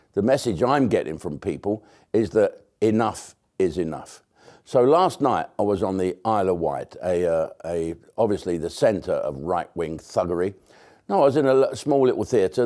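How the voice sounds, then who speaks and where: British comedian ranting to camera, mellow warm tone, rambly and blunt. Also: male voice, deep voice. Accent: British English. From Britain. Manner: rambling, blunt, with sarcastic asides and swearing. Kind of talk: casual monologue to camera.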